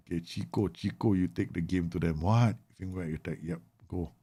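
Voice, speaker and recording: A man live-streaming a football management game, chatting casually with viewers and yelling at his players. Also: low voice, brisk, no echo, faint music behind. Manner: animated, bursts into loud yells and laughs at his players; chatty, answers viewer questions with many fillers.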